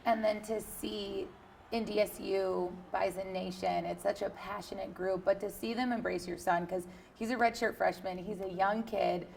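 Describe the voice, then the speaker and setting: A woman's voice: mid-range voice, steady tone, normal speed, vocal fry, a little mellow, a little hiss or hum. A woman interviewing a guest for a sports segment, asking long, friendly questions.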